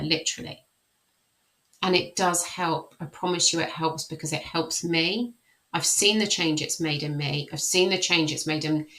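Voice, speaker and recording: A woman life coach leading a guided tapping session. She speaks slow, repeated affirmations, then explains the method in a friendly way. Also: sits low, creaky, a bit bright, rough recording.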